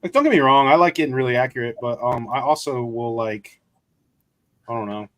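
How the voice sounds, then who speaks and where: Casual male host, laughs a lot, lots of "dude" and "like", mid pitch. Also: lively intonation, a little fast. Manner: laughing often, peppers talk with 'dude' and 'like'. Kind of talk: casual chat.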